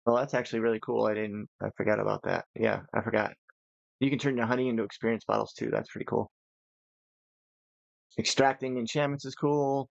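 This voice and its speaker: A man's voice: medium pitch, fairly even intonation, fairly quick, creaky, dry recording, lo-fi sound. A tired man giving casual, rambling commentary while playing a modded building game, thinking aloud as he goes. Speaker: gaming channel host.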